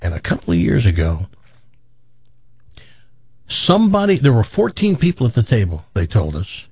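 Lively middle-aged male radio host. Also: lowish voice, moderate pace, slightly rough, dry recording, muffled recording. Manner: animated storyteller, acts out quoted voices. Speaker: radio talk show host. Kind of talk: casual radio banter.

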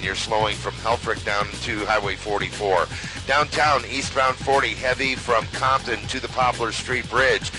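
A male traffic reporter runs briskly through the roads one by one. His voice sits fairly low, and a music bed plays clearly behind him. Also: low-quality recording. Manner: brisk, matter-of-fact listing of roads. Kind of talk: traffic report and live ad read.

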